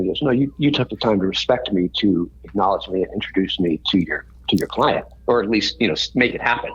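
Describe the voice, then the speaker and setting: A man with a husky, slightly rough voice tells a story as a podcast guest. He rambles and restarts his sentences as he goes. The recording sounds a little dull and lo-fi. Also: mid-range voice. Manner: rambling, self-correcting storyteller.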